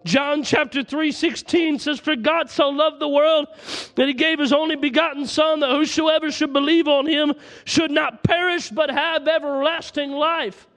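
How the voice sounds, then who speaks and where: A man's voice: extremely high pitch, fairly even intonation, moderate pace, few pauses, fairly bright tone. A man preaching a sermon, passionately reciting scripture aloud to his congregation.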